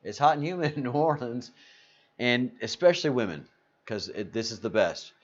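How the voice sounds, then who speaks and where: A man hosts a casual live stream in a loose, rambling way, stopping often to greet viewers from the chat. His voice sits in an ordinary middle pitch. The audio is a little dull and lo-fi. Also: expressive, moderate pace. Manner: rambling, reads chat names aloud. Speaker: livestream host. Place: Spain.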